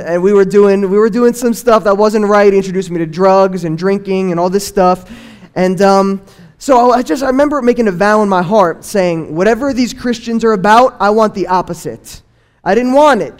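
A young man with a high voice tells his own faith testimony in an earnest storytelling way. He acts out remembered remarks in lively bursts. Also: clean tone. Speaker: testimony speaker. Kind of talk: personal testimony.

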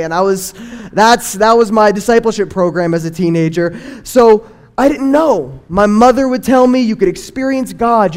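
A young man giving an earnest personal faith testimony, telling his story and acting out what people said in lively bursts. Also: high-pitched. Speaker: testimony speaker.

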